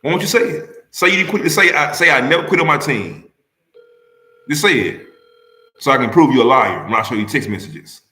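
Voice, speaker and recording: A man hosting a live stream, teasing and badgering a caller about football, repeating his questions and laughing loudly. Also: medium pitch, lively intonation, fairly quick, reverberant. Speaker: livestream host.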